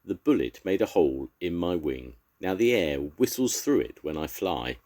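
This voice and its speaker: An older man voicing a polite, dignified male heron in a storybook, courteous and calm. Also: sits low, normal speed.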